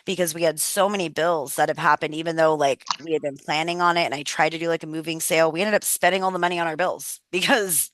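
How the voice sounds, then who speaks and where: A woman's voice: deep voice, fairly even intonation, fast talker, few pauses, a bit bright, no room sound. A woman in her thirties leading a wellness workshop on a video call, telling personal stories in a chatty, candid way and swearing freely.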